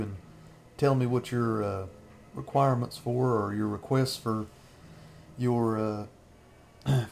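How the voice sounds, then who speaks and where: A man in his thirties, a channel host, rambles through a casual film commentary, chuckling often between remarks. His voice is medium-pitched and a little mellow, with slight background noise.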